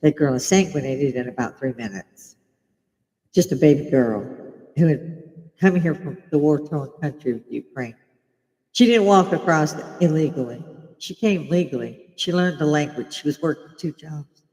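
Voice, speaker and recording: A woman's voice: low-pitched, normal speed, dark tone, long reverb tail, rough recording. A middle-aged woman from Britain hosting a casual livestream from her home bar, blunt and swearing as she rants. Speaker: live stream host.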